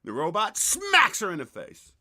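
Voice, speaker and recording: A man's voice: sits high, huge pitch swings, normal speed, sharp tone. A man hosting his podcast, chatting loosely, telling a joke and swearing freely. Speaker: podcast host. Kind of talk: casual chat and joke telling.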